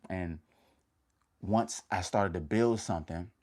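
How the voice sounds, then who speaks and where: A man hosting a casual livestream, energetic and slangy, giving motivational talk in short punchy bursts and calling his viewers fam. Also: low-pitched, takes it slowly.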